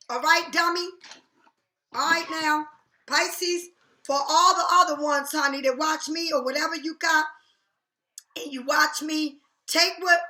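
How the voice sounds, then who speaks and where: High-voiced, blunt, profane woman ranting. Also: bright, forceful tone. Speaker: tarot reader. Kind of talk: casual direct-to-camera rant. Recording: echoey room.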